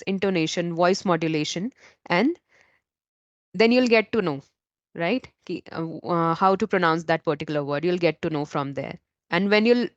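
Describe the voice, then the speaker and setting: A woman's voice: on the low side, no echo, highs cut off. A woman English trainer with an Indian accent, explaining patiently and often asking "right?". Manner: explanatory, frequent "right?" tag questions. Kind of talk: interview answers, teaching.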